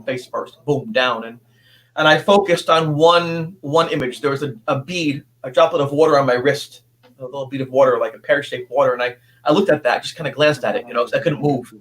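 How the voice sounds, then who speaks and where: A man in his fifties, a guest telling a personal story in an earnest, halting way with many restarts. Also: on the high side, fairly bright tone.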